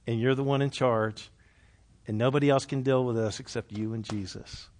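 A man leading a Bible study, preaching conversationally to a live group, joking and asking questions, then dropping soft and low for earnest points. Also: normal speed. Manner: lively, jokes with and questions the group.

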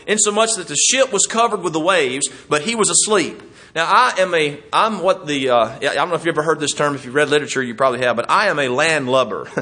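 A middle-aged man delivers a sermon in a bright, fairly high voice. He preaches in a folksy, self-deprecating way, mixing scripture with personal stories and chuckles.

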